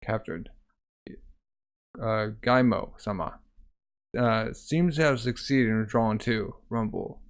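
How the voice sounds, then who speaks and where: A man's voice: lowish voice, slow, long pauses. A man reading a manga aloud in a casual way, voicing the characters and saying the sound effects himself. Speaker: manga reader.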